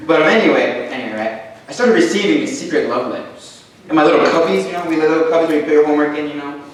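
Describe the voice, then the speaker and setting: Young man, youth sermon, animated storytelling, slightly high voice, very echoey church, mic at a distance. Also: rapid-fire. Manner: animated, acts out his younger self with sudden high bursts. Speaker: youth speaker. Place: church sanctuary. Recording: very echoey church hall from far off.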